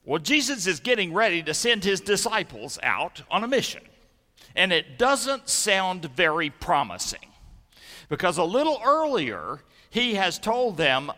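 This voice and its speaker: A middle-aged man preaching a sermon, telling stories gently and then preaching with energy. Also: fairly high pitch, big pitch swings, a little slow. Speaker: pastor. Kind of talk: sermon and children's message. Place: church sanctuary. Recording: echoey church sanctuary.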